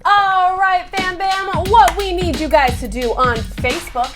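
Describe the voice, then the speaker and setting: A woman co-hosts a live web show in a high, bright-sounding register. She delivers sing-song calls to action with steady upbeat energy. Music plays clearly behind her. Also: a little slow. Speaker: co-host.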